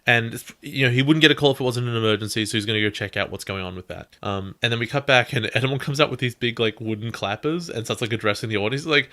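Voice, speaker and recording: A man co-hosting a fan podcast, recapping a stage play in casual chat and acting out the characters' lines. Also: mid-range voice. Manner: animated, acts out characters' lines in quick bursts. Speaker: podcast co-host.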